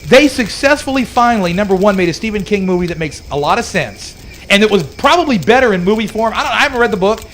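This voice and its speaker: Animated high-voiced man debating films. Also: fast talker, a little hiss or hum. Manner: animated, emphatic, repeats words. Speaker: radio show co-host. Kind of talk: casual debate chat.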